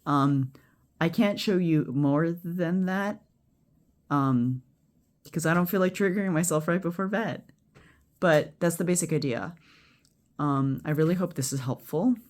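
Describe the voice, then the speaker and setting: A healthcare worker casually teaching a friend a calming technique, rambling with restarts and chant-like repeated phrases, sometimes swearing bluntly. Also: medium pitch, unhurried, pauses often. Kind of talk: casual spoken instruction. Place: at home before bed.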